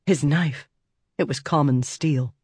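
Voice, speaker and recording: A man narrating a fantasy audiobook in a steady, measured storytelling voice. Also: on the high side, husky, dry recording, clean studio sound.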